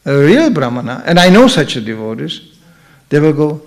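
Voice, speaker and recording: Speaking at normal speed in a fairly high voice, a middle-aged man gives a comic scripture lesson as a visiting speaker at a temple. He tells stories animatedly and performs the characters himself.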